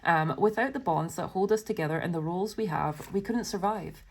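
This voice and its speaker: A woman's voice: lowish voice, brisk, a little mellow. A woman doing a pick-a-card tarot reading, reading card texts aloud and breaking off into chatty, giggly asides to her viewers. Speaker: tarot reader.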